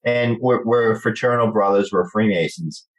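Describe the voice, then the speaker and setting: A middle-aged man with a New Jersey accent, telling lively stories in an interview and acting out the people in them. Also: on the low side, moderate pace, rough recording. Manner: animated storyteller acting out quoted voices. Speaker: guest actor. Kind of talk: storytelling interview chat.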